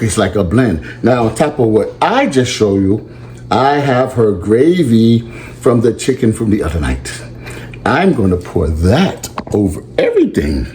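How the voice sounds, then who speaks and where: A man's voice: mid-range voice, a little mellow. A man hosting a playful home cooking show in his kitchen, talking in a silly, sing-song way. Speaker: cooking show host and teacher.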